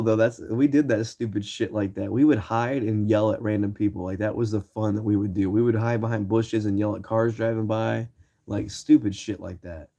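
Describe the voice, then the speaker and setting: A young man from Ohio, a streamer telling loose, profane stories to his viewers in casual chat and acting out shouted lines. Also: lowish voice. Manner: loose, swearing, acts out quoted shouts. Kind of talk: casual storytelling.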